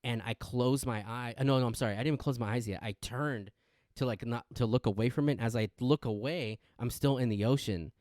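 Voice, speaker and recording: A man chatting on a podcast, telling stories with plenty of life and acting out what people said. His voice sits at a middle pitch and sounds dry and close, with no room around it. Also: brisk, dry recording. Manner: animated storyteller, acts out quotes with loud yelps. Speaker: podcast co-host. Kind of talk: casual chat.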